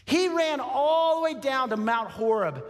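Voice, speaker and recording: A man delivering a sermon to his congregation, his voice sitting high for a man. He tells the story vividly, switching into voices for the figures he quotes and laughing often. The sound carries a long hall reverb. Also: expressive, a little slow. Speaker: pastor.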